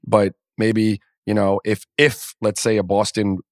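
A man's voice: lowish voice, level tone, a little slow, no room sound, studio quality. A man co-hosting a podcast who gives strong opinions in casual sports chat. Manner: opinionated, emphatic, with many restarts. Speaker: podcast co-host.

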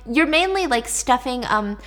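A woman hosting a podcast, retelling a story in an animated, casual way. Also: high voice, a little slow. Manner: chatty, animated, swearing. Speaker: podcast host.

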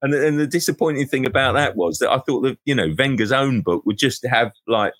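A man hosting a football panel in casual chat, quick and reflective, handing the floor to his guests. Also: medium pitch, fairly bright tone, dry recording. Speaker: podcast host.

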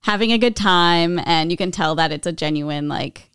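A woman's voice: on the low side, normal speed, fairly bright tone, smooth, dry recording, clean studio sound. A young woman co-hosting a podcast in a casual, chatty way, agreeing and laughing along. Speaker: podcast co-host. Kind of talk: casual chat.

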